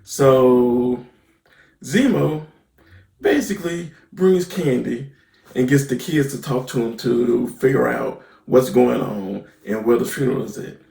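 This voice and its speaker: A man with a gravelly, creaky voice walks through a TV episode in loose, conversational slang. His voice bounces around an echoey room, and he leans on fillers like "basically" and "right?" to keep the recap moving. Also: mid-range voice, unhurried, dark tone. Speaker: TV episode reviewer.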